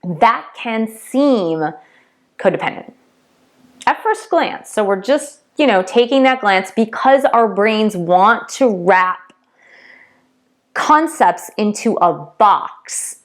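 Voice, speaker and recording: A woman's voice: medium pitch, expressive, slow pace. Emphatic woman coach explaining ideas. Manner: emphatic, repeats key words, checks in with "okay?" and "right?". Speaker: twin flame coach and tarot reader. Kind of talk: casual teaching monologue.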